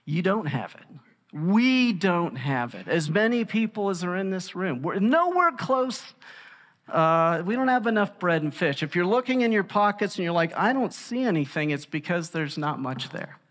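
Animated preacher man in an echoey hall. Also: sits high, moderate pace. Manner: conversational, animated, with emphatic rises. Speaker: pastor. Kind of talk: sermon. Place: large room with an audience.

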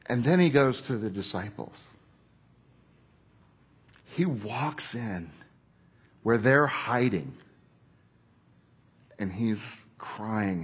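A man's voice: lowish voice, animated, slow, long pauses, breathy edge. A man preaching a sermon in a conversational way, acting out quoted voices and at times dropping to a whisper. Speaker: pastor.

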